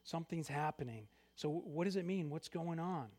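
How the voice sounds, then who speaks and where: A man preaching a sermon, reading scripture aloud and swinging between loud emphatic lines and quiet asides. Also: fairly high pitch, a little fast. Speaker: pastor.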